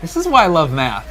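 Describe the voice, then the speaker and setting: A man with a dry, deadpan delivery in a comedy trailer. His voice sits a bit high and moves around a lot. Music runs clearly underneath.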